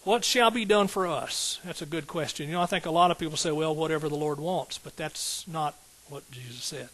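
Emphatic pastor preaching. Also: male voice, a little high, fast talker, a bit bright, poor audio. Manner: emphatic, call-and-response preaching with rising outbursts. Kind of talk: sermon.

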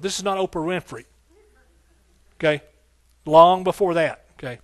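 A man's voice: sits high, moderate pace, no echo. A man preaching a sermon, fervent and rhythmic, repeating phrases, calling out hallelujah and talking folksily to the congregation. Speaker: pastor.

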